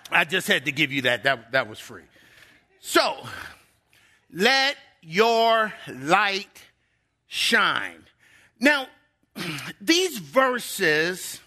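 A man's voice: a little high, bright, forceful tone. A middle-aged male pastor preaching a sermon in a church, emphatic and drawing out key words.

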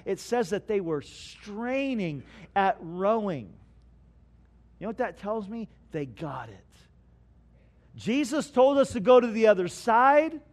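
A man preaching a sermon as pastor, asking his congregation questions and swinging from hushed lines to loud bursts. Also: high voice. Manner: preaching with dramatic swings between quiet and loud; asks the congregation rhetorical questions.

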